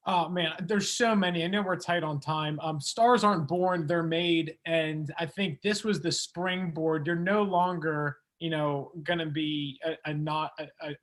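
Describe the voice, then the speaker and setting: An enthusiastic man with a high voice co-hosts an interview show. He chats eagerly and speaks in quick bursts. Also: steady tone, a bit bright. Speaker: podcast co-host.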